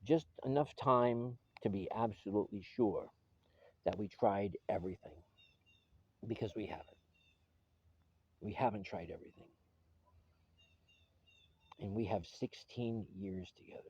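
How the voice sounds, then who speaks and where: Mellow-voiced man pleading, dull lo-fi sound. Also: lowish voice, unhurried, pauses often, slightly rough, no echo. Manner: pleading, earnest, with frequent restarts. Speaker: husband addressing his estranged wife. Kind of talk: personal video message. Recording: dull lo-fi video recording.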